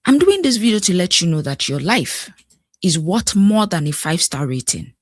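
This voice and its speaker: A woman's voice: lowish voice, sing-song, moderate pace, dry recording, clean studio sound. A woman life coach giving an emphatic motivational talk to camera, repeating key words and asking viewers questions.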